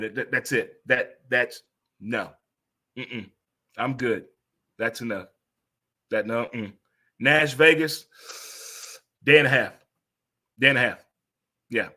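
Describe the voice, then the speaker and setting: A man in his fifties hosting a casual sports talk monologue, rambling and exclamatory with sudden high-pitched outbursts. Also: pushed and bright. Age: 50s.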